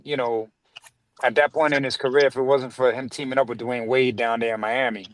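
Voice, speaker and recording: A man's voice: mid-range voice, steady tone, brisk, dry recording, low-quality recording. A man in a casual sports podcast conversation who talks in a laid-back, slangy way and laughs often.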